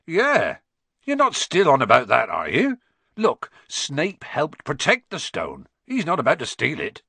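A man voicing a big, kindly, gruff gamekeeper giant with a bluff, blustering way of talking, in an audiobook reading. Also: fairly high pitch, huge pitch swings, measured pace, pushed and bright, no echo, pitched above the performer's own voice, exaggerated voice. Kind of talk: audiobook character voice.

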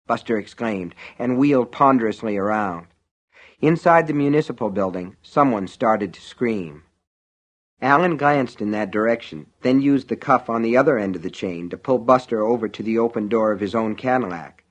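A man reading an audiobook in measured, vivid narration. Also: mid-range voice, expressive, a bit bright. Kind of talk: scripted narration.

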